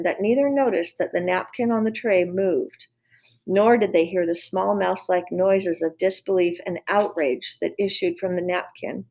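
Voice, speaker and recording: A woman reading a children's novel aloud in calm, steady storytelling. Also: medium pitch. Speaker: reader.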